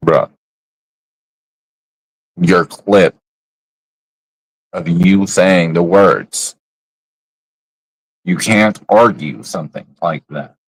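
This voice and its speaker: A man with a low voice rants live to his stream in blunt, profane slang. His talk is casual and full of trash talk. The sound is dry and close, with no room echo. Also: very slow, long pauses, slightly rough. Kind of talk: casual livestream rant.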